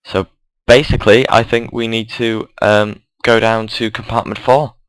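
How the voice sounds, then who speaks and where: A man's voice: fairly low pitch, flat delivery, moderate pace, a bit bright, clear, resonant tone, dry recording, rough recording. A young man, casually commenting as he plays a game and reads its story aloud, rambling and apologetic. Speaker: gamer.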